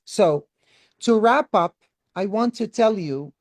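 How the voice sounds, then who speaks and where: A woman's voice: lowish voice, moderate pace, no room sound, studio quality. A middle-aged woman doctor teaching medical students in an online session, talking in an earnest, personal way and dropping in Arabic words.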